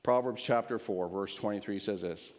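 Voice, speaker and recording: A man preaching a sermon to a congregation, reading a rhyming story aloud in a lively, rhythmic way before giving advice. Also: lowish voice, normal speed. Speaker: pastor. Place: church. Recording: long church reverb.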